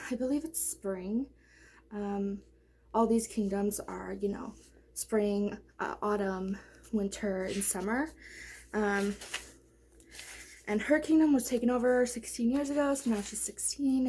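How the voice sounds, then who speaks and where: In a mid-range voice that's darkish and slightly rough, a young woman reviews books she adores in a casual vlog. She's out of breath, and her talk wanders with frequent fillers and restarts.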